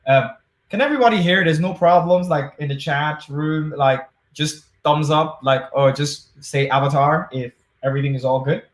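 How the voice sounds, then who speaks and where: A man's voice: a little high, moderate pace, reverberant. A man giving a casual, jokey tech talk over a video call. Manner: chatty, jokey, upbeat. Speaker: conference speaker.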